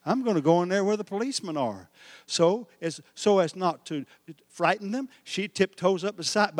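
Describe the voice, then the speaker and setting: A man preaching a sermon, telling stories with big swings from hushed asides to shouted lines. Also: high voice, no echo, clean studio sound, long reverb tail. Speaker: pastor.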